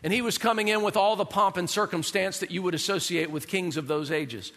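Male pastor, high bright voice, lively sermon delivery, long hall reverb. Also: fairly quick. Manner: animated, rhetorical questions to the congregation.

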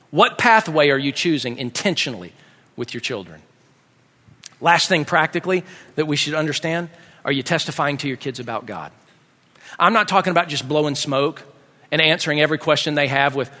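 Middle-aged man, pastor, lively storyteller, long hall reverb. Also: a little high. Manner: animated, acts out his kids' voices. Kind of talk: sermon with storytelling.

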